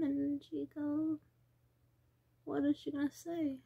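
A woman's voice: high voice, flat delivery, slow pace, vocal fry, warm tone, no room sound, lo-fi sound. A woman talking in a rambling personal vlog, wandering from thought to thought and sometimes dropping into a whisper. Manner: wandering, trails off and drops into whispers. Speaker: vlogger.

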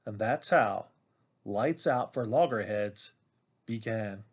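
Slow, expressive man reading a picture book. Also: lowish voice, breathy edge, muffled recording. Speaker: read-aloud teacher. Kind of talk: children's picture book read-aloud.

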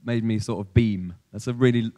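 A man's voice: lowish voice, steady tone, normal speed, dark tone. A man, interviewing a guest on stage and asking playful, teasing questions.

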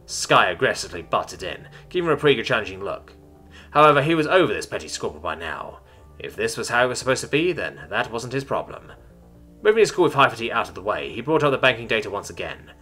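Expressive male story narrator. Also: lowish voice, fast, breathy edge, faint music behind.

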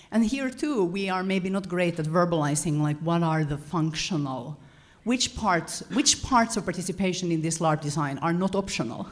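A woman giving a lecture-style talk to an audience, animated and often correcting herself mid-sentence. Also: fairly low pitch. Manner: animated, self-correcting, chuckles between points. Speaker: conference speaker.

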